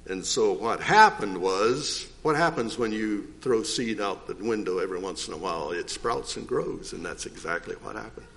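An older man giving a rambling, folksy testimony in church, clearing his throat often. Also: lowish voice, lively intonation, moderate pace, few pauses, fairly bright tone. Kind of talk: informal testimony.

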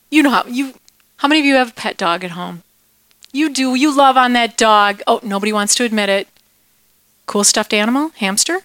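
A woman teaches children a Bible lesson in a playful, animated way and asks the kids questions. Her voice is fairly high. The recording is close and dry. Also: brisk, no echo.

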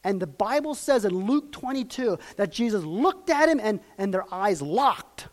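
Man, preacher, sermon, high voice, dramatic, loud peaks and hushed lows. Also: sing-song, moderate pace. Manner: swings from loud emphatic peaks to hushed, low passages; dramatic, acts out quoted lines and asks the audience questions.

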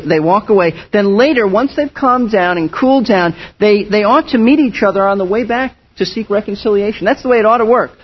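A man's voice: sits high, husky. A man preaching a sermon as pastor, earnest and emphatic, often restarting his phrases. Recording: dull lo-fi sound.

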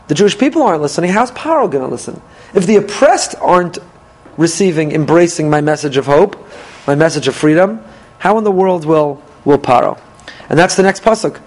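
High-voiced man giving an animated Torah class. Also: rough recording. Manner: animated, asks rhetorical questions and answers them; quotes Hebrew verses and commentaries. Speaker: rabbi teaching a Torah class.

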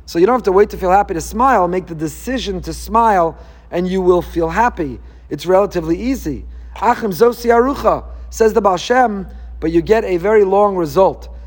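A man, a rabbi, giving an emphatic and animated Torah lecture. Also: sits high, brisk. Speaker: rabbi teaching a class.

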